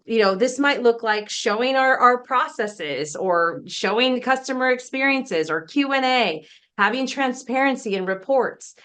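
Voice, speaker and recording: A woman's voice: fairly high pitch, a bit bright. A woman business coach presenting a casual webinar, chatty and emphatic, often laughing between points.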